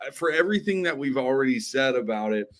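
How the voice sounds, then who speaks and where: A man, a guest on a podcast, telling stories with enthusiasm in a casual, chatty way. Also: fast talker. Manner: enthusiastic storyteller, says "like" and "man" often, pitch jumps when excited.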